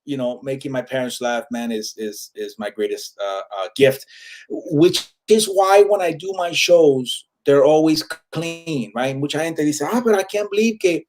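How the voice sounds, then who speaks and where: In a relaxed interview, a forties-aged comedian with a Puerto Rican accent moves back and forth between Spanish and English, filling gaps with lots of fillers. His mid-range voice is animated, a little slow, and a little mellow, with slight background noise.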